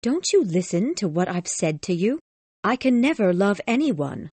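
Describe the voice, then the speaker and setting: A man reading a storybook aloud, voicing a cold, proud young woman who speaks calmly and coolly. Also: sits high, normal speed, breathy edge, no room sound, voice pushed up, heavily acted. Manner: calm, cool, detached.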